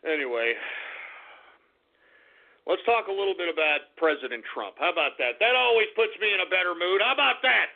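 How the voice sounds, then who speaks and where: Male radio host on an angry repetitive rant; high, raspy-edged voice; lo-fi phone-quality recording. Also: animated, moderate pace, long pauses. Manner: angry, ranting, swearing, repeating himself. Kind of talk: live talk radio rant.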